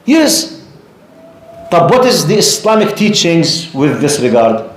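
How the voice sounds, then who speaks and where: A man telling stories to a live class in a fairly high voice that swings up and down a lot. He keeps asking his listeners questions. The room around him rings with echo. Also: moderate pace, a little hiss or hum. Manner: animated storyteller, asks the audience questions. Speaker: Islamic lecturer. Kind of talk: storytelling lecture to a live class. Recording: echoey room.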